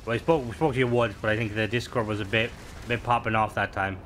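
A young adult man rambles casually while gaming on stream, padding his talk with fillers and playful digressions. His voice is lowish and fast with fairly even intonation and a slightly bright quality. There's faint noise in the background.

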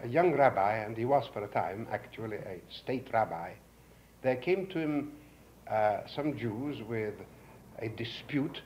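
An older man lecturing to an audience, telling a folk tale with lively character voices, on an old 1950s lecture recording. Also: slight background noise, low-quality recording. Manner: animated storyteller, voicing characters with rising pitch. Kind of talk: storytelling lecture. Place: lecture hall.

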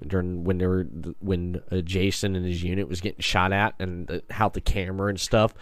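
Podcast host, male, deep-ish and eager, stumbles and restarts, dry close-miked read. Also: little pitch movement, fairly quick, dry recording. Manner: enthusiastic, rambling with restarts. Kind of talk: casual interview chat.

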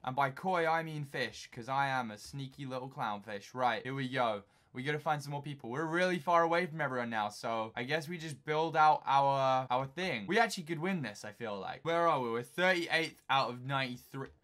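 A young man from England giving jokey, excitable commentary while playing a video game, talking to himself and breaking into sudden shouts. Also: mid-range voice, normal speed, few pauses. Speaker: gaming YouTuber.

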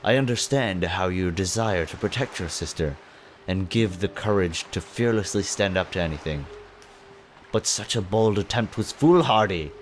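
A man's voice: low voice, moderate pace, slight background noise, close to an everyday voice. A man voicing a solemn, wise talking boat, reading the game text in a formal, stately way.

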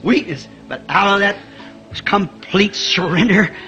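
A man preaching a fervent sermon, chuckling often and rising to shouts at high points. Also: unhurried, highs cut off, soft background music.

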